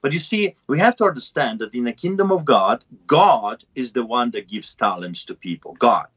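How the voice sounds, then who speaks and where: A man's voice: mid-range voice, lively intonation, moderate pace, a bit bright, breathy edge. A middle-aged man with a heavy non-native accent and broken English, a pastor preaching fervently over a call in a repetitive cadence.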